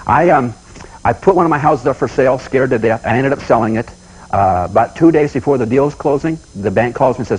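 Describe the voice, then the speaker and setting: Guy from the us doing a seminar talk, husky voice, fast, folksy stories. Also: medium pitch, low-quality recording. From United States. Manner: folksy storyteller, animated, repeats himself. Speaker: seminar speaker. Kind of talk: motivational talk.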